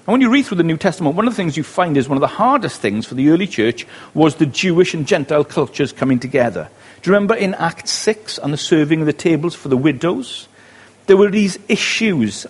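Lively Welsh male preacher. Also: a little high, breathy edge. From West Wales. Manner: conversational, asks the listeners rhetorical questions. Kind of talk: sermon.

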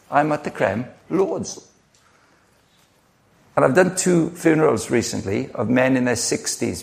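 A man's voice: fairly low pitch, vocal fry. A middle-aged man preaching a sermon, earnest and conversational, telling personal stories with frequent restarts. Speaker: pastor.

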